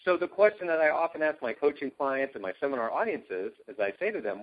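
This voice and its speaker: A man's voice: animated, fast talker, few pauses. A man coaching, explaining his ideas enthusiastically and emphatically over a call. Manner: enthusiastic, emphatic, jumps pitch on key words. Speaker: guest, self-help coach. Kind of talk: animated conversational explaining. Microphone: call line. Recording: dull lo-fi phone-call audio.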